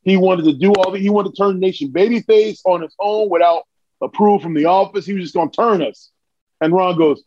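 An animated man with a high voice telling stories, his words tumbling out with excitement. The recording sounds dull and lo-fi. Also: fast, no room sound. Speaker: podcast guest. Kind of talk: casual storytelling.

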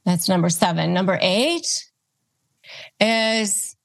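A woman host giving advice, walking through numbered steps with deliberate emphasis and acting out calm replies and knowing looks. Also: mid-range voice. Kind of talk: instructional advice talk.

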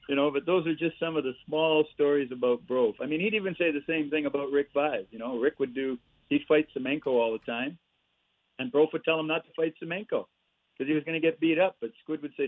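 Older man telling stories by phone. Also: on the high side. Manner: lively storyteller, chuckles through punchlines. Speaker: guest, former hockey player and coach. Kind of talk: casual anecdote-telling. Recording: tinny phone line, dry.

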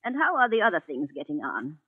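A woman's voice: sits low, huge pitch swings, fast, slightly rough, no echo, full character voice. An actress in a 1940s radio play voicing a frail, elderly invalid woman in a wheelchair, with a quavering, fretful manner. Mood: fond. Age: older. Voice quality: quavering, fretful, easily startled. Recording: tinny 1940s radio broadcast.

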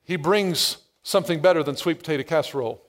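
A male pastor preaching a sermon, stressing phrases by slowing down and adding playful asides. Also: on the high side.

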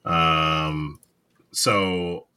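A man's voice: a bass voice, fairly even intonation, drawn-out words, sharp tone, slight background noise. A man co-hosting a podcast in casual chat, rambling, teasing and laughing often. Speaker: podcast co-host.

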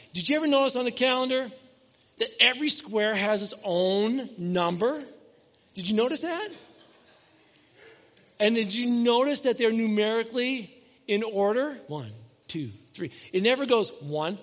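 High-voiced pastor in an echoing hall. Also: male voice, lively intonation, normal speed, pauses often, a bit bright. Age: middle-aged. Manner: conversational, asks the crowd questions, acts out everyday scenes. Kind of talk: sermon. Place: church hall. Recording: dull sound with long hall reverb.

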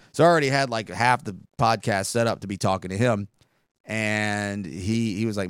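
Podcast host, man, gravelly voice, dry close sound, chatty rambling storyteller. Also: on the low side, moderate pace, no echo. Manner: rambling, conversational, frequent asides. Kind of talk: casual storytelling monologue.

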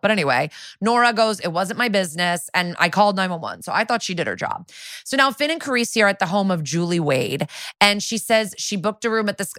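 A woman co-hosting a podcast, chatting casually as she recaps a TV episode, sarcastic and quick to act out lines in silly voices. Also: mid-range voice, a bit bright, no room sound, clean studio sound. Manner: chatty, sarcastic, acts out quotes in funny voices. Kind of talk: casual chat.

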